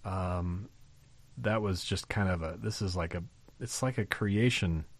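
Pastor, male, lower voice, dry close sound; preaches conversationally with emphasis, asks the congregation questions. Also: unhurried, no room sound. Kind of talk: sermon.

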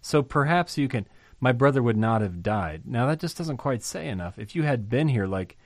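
A man's voice: medium pitch, dry recording, clean studio sound. A man teaching a Bible passage in a conversational way, asking rhetorical questions and thinking aloud. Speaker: preacher.

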